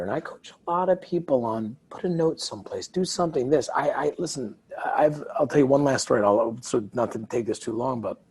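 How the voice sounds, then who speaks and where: A man's husky, mid-range voice carries his stories as a guest author in a conversational interview. He tells them animatedly, acting out the dialogue he quotes.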